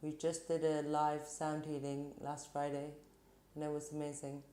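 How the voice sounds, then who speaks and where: A woman hosting a tarot reading channel, talking casually and rambling, with restarts and soft laughs. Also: sits low, completely flat delivery, normal speed. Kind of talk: casual spiritual talk to camera.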